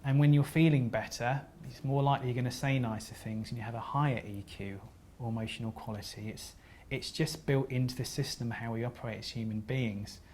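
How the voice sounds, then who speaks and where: A man giving a seminar talk, telling stories in an earnest, halting way with frequent restarts and gentle apologies. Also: mid-range voice, steady tone, a little hiss or hum. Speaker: seminar speaker.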